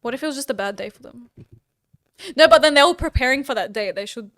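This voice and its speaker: A woman's voice: high voice, animated, fast talker, a bit bright. A woman co-hosting a podcast in casual chat, frank and blunt, with casual swearing. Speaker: podcast co-host.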